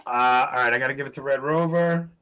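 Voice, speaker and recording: A man hosting a casual trivia show, chatty and quick to laugh, calling out names as people answer. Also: mid-range voice, pushed and bright. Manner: chatty, laughs often, reads names from chat. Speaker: quiz show host.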